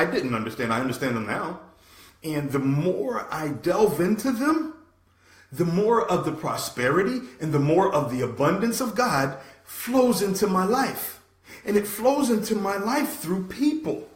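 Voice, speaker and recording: A man hosting a passionate motivational talk, preaching with sudden swings from loud to soft. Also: sits high, roomy sound. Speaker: host. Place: room.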